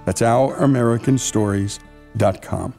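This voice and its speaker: A man's voice: medium pitch, unhurried, creaky, dark tone. A man hosting a radio story show, praising a guest's story and asking listeners for donations. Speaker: radio host. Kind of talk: radio narration and donation appeal. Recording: faint guitar music behind. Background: faint guitar music.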